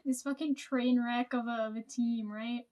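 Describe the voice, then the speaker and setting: A woman's voice: on the high side, fairly even intonation, moderate pace, darkish tone. Chatty, foul-mouthed woman telling stories. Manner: chatty, swears a lot, frequent fillers and laughs. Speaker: vlogger telling work stories. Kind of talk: casual storytime chat.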